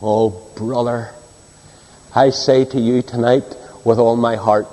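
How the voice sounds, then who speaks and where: A man preaching a sermon and reading scripture, swinging between soaring high cries and low hushed drops. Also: unhurried. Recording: long hall reverb.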